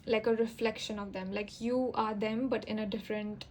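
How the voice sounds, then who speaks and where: A woman's voice: medium pitch, steady tone, moderate pace, a little mellow, poor audio. A young woman giving a casual tarot reading to camera, chatty and rambling, with fillers and self-corrections. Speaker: tarot reader.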